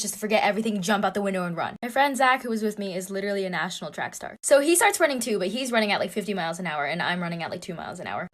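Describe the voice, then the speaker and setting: A young woman telling a personal story in a casual, breathless and dramatic way. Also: mid-range voice.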